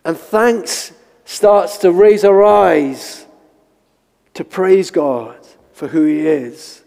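Male pastor, slightly high voice, storytelling sermon with acted-out quotes, long hall reverb. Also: drawn-out words, creaky, a little mellow. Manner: storytelling, acting out quotes with high squeaky voice for himself. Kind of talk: sermon with personal stories.

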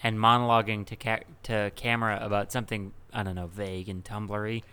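A man's voice: lowish voice, flat delivery, brisk, pushed and bright, clear, resonant tone. A young man co-hosting a comedy podcast, rambling in a joking, self-deprecating way and swearing freely. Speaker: podcast co-host. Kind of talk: casual comedic chat.

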